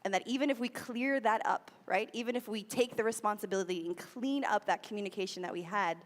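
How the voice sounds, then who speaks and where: An American woman from the United States gives a conversational sermon talk at a spiritual center, repeating key phrases for emphasis. Her mid-range voice moves at a quick pace in a large hall.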